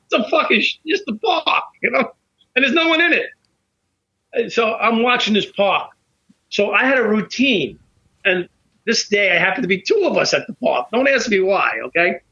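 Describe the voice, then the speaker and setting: A middle-aged man tells a story as a podcast guest, animated and profane, acting out both sides of the dialogue. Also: high-pitched, breathy edge. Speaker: podcast guest, former police officer. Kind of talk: casual storytelling in conversation. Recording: dull lo-fi podcast audio.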